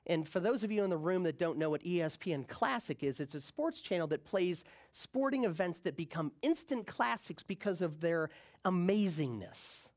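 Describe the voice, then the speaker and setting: A man's voice: high-pitched, normal speed. A man giving a conference talk, telling a personal story casually and acting out the people in it. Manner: animated, acts out the people in his stories; casual, slangy. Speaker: keynote speaker.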